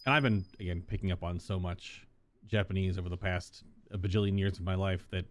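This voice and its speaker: A man's voice: deep voice, steady tone, fairly quick. A man hosting a casual let's-play, talking enthusiastically and rambling as he plays. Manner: enthusiastic, rambling, laughs often. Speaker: gaming channel host.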